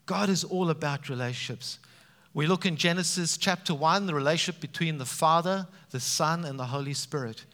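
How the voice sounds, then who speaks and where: A man preaching a sermon, animated and emphatic, with frequent rises for emphasis. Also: fairly high pitch, a little fast. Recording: reverberant hall sound.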